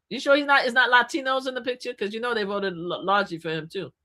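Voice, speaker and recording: A woman's voice: fairly high pitch, fast talker. Emphatic woman streamer talking politics. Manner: animated, emphatic, addressing viewers directly. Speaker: livestream host. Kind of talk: opinionated political commentary to viewers.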